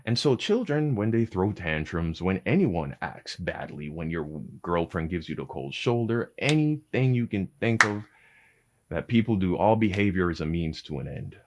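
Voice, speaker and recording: A man with a deep, low voice talks to his audience in a loose, casual monologue. His pitch swings widely as he gets animated, and he swears freely and drops in "bro" as he goes. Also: moderate pace, highs cut off. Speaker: parent giving advice.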